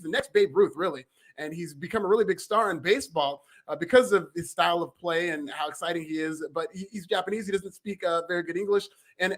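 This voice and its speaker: A man's voice: high-pitched, a bit bright. A man co-hosting a news podcast, giving earnest, thoughtful commentary in casual chat. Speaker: podcast co-host.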